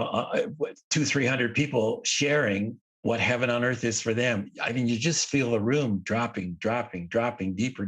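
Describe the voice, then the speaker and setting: A man with a husky, slightly breathy voice speaks as an interview guest. He talks earnestly and reflectively, often repeating words for emphasis, in casual conversation. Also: medium pitch, fairly bright tone. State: emotional. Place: at home, by a lawn near the ocean.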